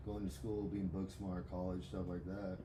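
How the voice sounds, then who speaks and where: A man's voice: deep voice, flat delivery, normal speed, dark tone, slight background noise. A man speaking as a guest in a casual podcast chat, plainspoken and a little hesitant.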